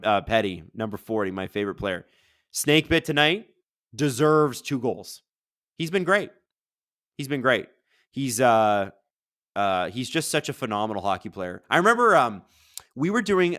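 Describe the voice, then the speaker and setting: Canadian guy riffing on a hockey game live, kinda low voice, dry sound, reads chat out loud. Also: no room sound. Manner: energetic, rambling, reads chat questions aloud. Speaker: host of a live hockey watch-along stream. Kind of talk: casual live-stream chat and game commentary.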